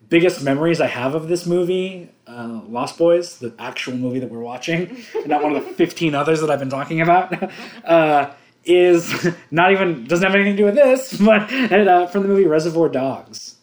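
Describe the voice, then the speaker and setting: Animated man riffing on a movie. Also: on the high side, normal speed. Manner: animated, jokey, laughs often and slips into impressions. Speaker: podcast co-host. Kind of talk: casual movie commentary chat.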